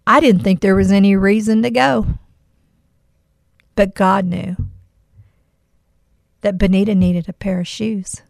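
A woman's voice: medium pitch, steady tone, measured pace, vocal fry, long pauses, no echo, studio quality. A middle-aged woman hosting a podcast, telling a personal story with earnest emotion and reflecting on Bible verses. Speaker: podcast host.

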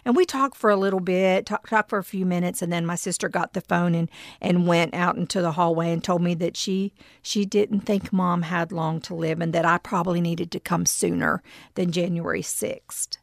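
Middle-aged woman, low voice, halting testimony; dry and close. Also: steady tone, dry recording. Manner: reflective and halting, with frequent pauses and restarts. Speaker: storyteller. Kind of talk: personal testimony.

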